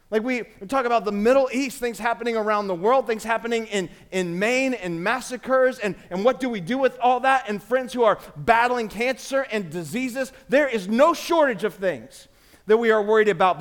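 Pastor, male, 40s, high voice, casual preaching style that calls on the congregation. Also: fairly bright tone. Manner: conversational preaching with call-and-response. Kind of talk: sermon. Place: church sanctuary.

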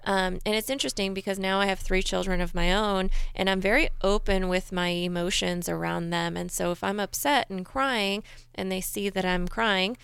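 A woman speaking in a reflective, measured way, chatting about emotions on a conversational podcast. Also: medium pitch, fairly even intonation, gravelly, a bit bright, clean tone, dry recording. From Persian background. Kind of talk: casual conversation.

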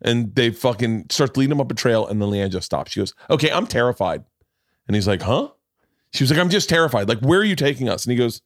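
Animated profane man telling stories. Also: mid-range voice, quick pace, dry recording, clean studio sound. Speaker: podcast host. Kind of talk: casual storytelling chat.

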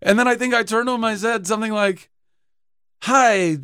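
A man from Southern California talking as an interview guest in a radio studio, telling stories in an animated, excitable way with sudden jumps in pitch. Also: fast, clean tone, no echo. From Southern California, USA. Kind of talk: casual interview chat.

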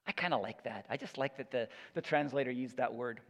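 A man's voice: medium pitch, fairly quick. A man preaching a sermon as pastor, earnest and emphatic, often repeating words as he builds his point. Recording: echoey hall, dull lo-fi sound.

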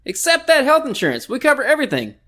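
A man's voice: wildly swooping pitch, fast talker, pushed and bright, heavily acted. A man putting on a zany, sarcastic announcer voice for a fake ad, swearing as he goes. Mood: mocking. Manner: shrill, sarcastic, profane.

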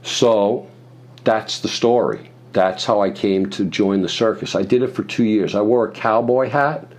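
Brief: low-voiced male guest, profane rambling storyteller, loose and chatty. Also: a little slow. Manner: profane, meandering, acts out other people's voices. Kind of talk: rambling anecdote in conversation.

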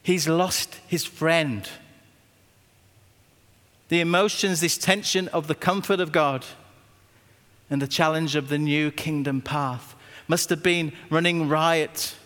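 A man, a pastor preaching a sermon with stories and emphatic repetition, slowing down when he quotes scripture. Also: on the high side, fairly even intonation, fairly bright tone. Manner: anecdotal, emphatic, slows down on scripture. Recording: long reverb of a hall.

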